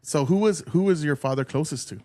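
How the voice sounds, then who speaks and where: A man's voice: a little high, brisk, warm tone. A man hosting a casual podcast chat, laid-back and crude, laughing often. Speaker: podcast host.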